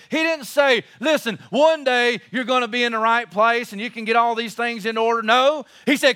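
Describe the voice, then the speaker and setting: A man's voice: very high voice, moderate pace, hardly any pauses, pushed and bright. A man preaching a sermon as pastor, impassioned and emphatic, repeating his phrases for force.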